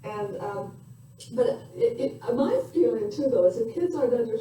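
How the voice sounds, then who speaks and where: An older woman giving a parenting lecture in a reflective, conversational way, pausing with fillers. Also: on the high side, animated, mellow. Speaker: parenting educator. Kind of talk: recorded lecture. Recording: echoey room from far off with faint noise.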